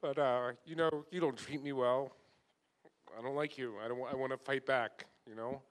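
A man's voice: mid-range voice, steady tone, normal speed. Earnest man giving an informal church talk. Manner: earnest, emotional, self-deprecating, conversational. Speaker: church leader. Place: church gathering.

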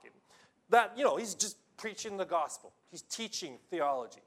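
A man preaches a sermon in an animated storytelling way, swinging from loud exclamations to near-hushed tones. His voice sits a bit high, with a lively pitch. He often fills pauses with "you know" and restarts. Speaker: pastor.

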